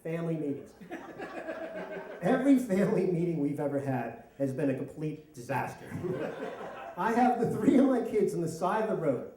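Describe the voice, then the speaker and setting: Man, middle-aged, live comic storyteller, self-mocking, lively pitch, echoey hall. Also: normal speed, a crowd in the background. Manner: animated, self-mocking, laughing through lines. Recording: echoey hall, mic from far off.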